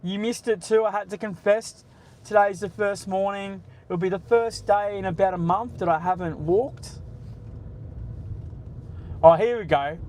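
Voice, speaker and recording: Aussie bloke nearly 50, high-ish voice, swearing and ribbing his chat from the car, bit of traffic noise. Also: steady tone, normal speed, darkish tone, rough recording. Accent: Australian. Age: 40s. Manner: blunt, sweary, banters with chat. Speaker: livestream host. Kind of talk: casual live-stream chat while driving.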